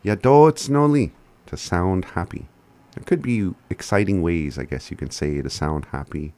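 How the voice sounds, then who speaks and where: A man giving a casual language lesson, laid-back and chuckling often as he spells words out slowly. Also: extremely low pitch, expressive, a little mellow. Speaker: language teacher.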